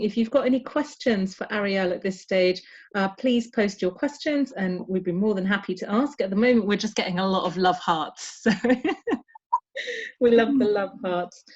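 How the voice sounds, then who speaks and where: A woman hosting an online interview, reacting warmly and laughing readily as she speaks to her guest and the viewers. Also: medium pitch, muffled recording. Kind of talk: casual interview.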